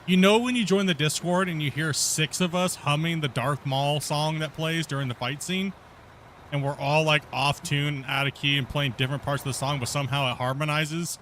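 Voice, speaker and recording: A man's voice: fairly high pitch, fairly even intonation, brisk, a bit bright, a little hiss or hum. A man hosting a gaming stream, chatting casually over voice chat and laughing often. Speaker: stream host.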